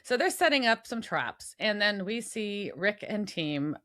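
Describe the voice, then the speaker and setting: A woman co-hosting a podcast, chatting casually in an animated, playful way. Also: medium pitch. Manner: animated, playful, slips into quick character voices. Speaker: podcast co-host. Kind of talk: casual chat.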